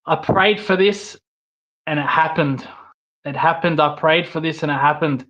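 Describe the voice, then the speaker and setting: A slow, drawn-out Scottish wrestler growls each word, as an Australian man puts him on. His voice sits a little high, and the dull lo-fi recording blunts the edges. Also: fairly bright tone, natural voice. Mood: boastful. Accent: put-on Scottish. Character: gruff Scottish male wrestler impression.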